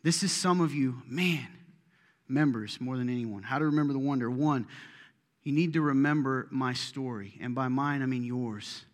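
A man's voice: medium pitch, normal speed. Man preaching in a reverberant hall. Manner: animated preaching, swinging from loud to hushed. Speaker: pastor. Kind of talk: sermon. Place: church auditorium.

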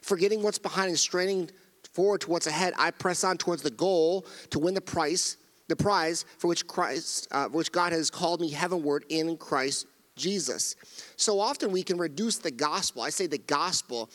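A man's voice: a little high, moderate pace, fairly bright tone. Preaching middle-aged man in a reverberant church. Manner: earnest, emphatic preaching with repeated phrases and restarts. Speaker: pastor. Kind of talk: sermon. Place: church sanctuary.

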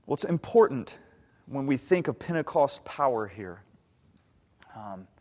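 A man's voice: medium pitch, sing-song, unhurried, darkish tone. A man preaching a sermon in a conversational way, often stammering and restarting his sentences. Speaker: pastor. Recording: long hall reverb.

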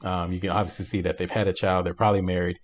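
A man co-hosting a podcast, casually retelling a movie plot in an animated way, laughing often and using many fillers. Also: low voice, racing, muffled recording. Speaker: podcast co-host. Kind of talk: casual chat, recapping a movie.

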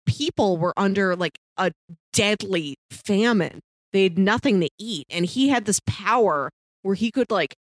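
A woman's voice: mid-range voice, no echo. A woman co-hosting a casual book-club podcast, retelling a story with enthusiasm. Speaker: podcast co-host.

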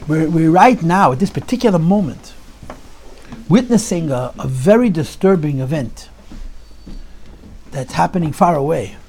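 Man, storytelling talk, high pitched, gravelly edge, animated with repeated phrases. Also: a little slow, pauses often, slight background noise. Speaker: rabbi telling a Chassidic story.

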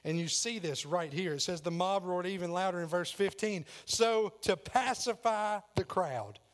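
A man delivers a sermon in a dramatic way, slipping into the voices of the story as he tells it. His speaking voice sits a bit higher than most men's. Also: moderate pace. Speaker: pastor.

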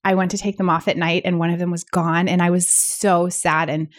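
A woman's voice: on the low side, little pitch movement, brisk. A woman co-hosting a podcast in casual chat, talking with lots of fillers and asides. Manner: chatty, many fillers like "like". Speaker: podcast co-host.

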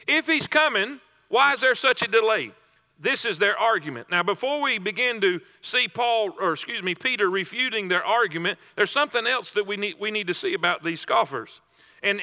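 High-voiced man preaching in a hall. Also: pushed and bright. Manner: emphatic preaching with repeated phrases and restarts. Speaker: pastor. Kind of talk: sermon.

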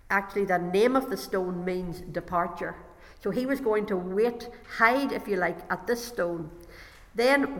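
A woman delivers a sermon in a hall with a long echo. She reads scripture aloud, then breaks off to explain each passage in her own words. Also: medium pitch. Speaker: preacher. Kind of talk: sermon with Bible reading.

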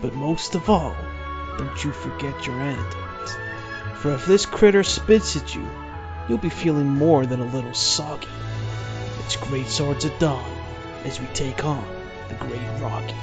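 A man's voice: high voice, very animated, moderate pace, few pauses, voice pushed up. Cowboy announcer, male, folksy Western drawl, as a podcast host puts it on, light music underneath. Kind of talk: comedic podcast promo.

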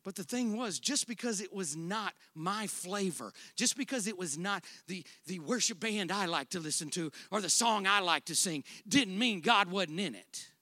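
A man preaching a sermon, swinging between loud, drawn-out emphatic declarations and quiet, conversational storytelling. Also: sits high, lively intonation, dry recording, clean studio sound. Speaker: pastor.

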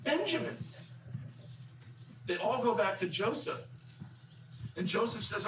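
A man's voice: high-pitched, expressive, takes it slowly, pauses often, roomy sound. Man, sermon, casual storytelling, faint background noise, mic at a distance. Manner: conversational storytelling, acts out quoted characters. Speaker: preacher.

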